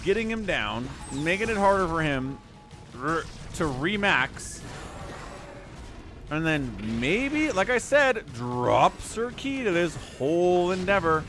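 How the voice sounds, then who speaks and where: A man hosting a live stream and giving chatty, excitable commentary on an esports match, thinking aloud as the play unfolds. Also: fairly high pitch, takes it slowly, faint music behind. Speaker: game commentator and stream host.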